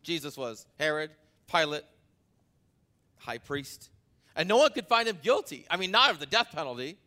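With big swings in pitch and a moderate pace, this man preaches as a pastor in a sharp tone. He works through an anecdote conversationally, rising to emphatic high points and then falling quiet.

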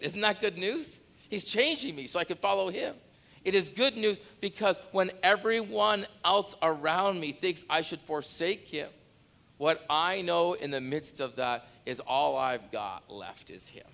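A pastor delivering an impassioned sermon to his congregation, his delivery swinging from loud declarations to hushed appeals. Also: a little high, gravelly. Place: church sanctuary.

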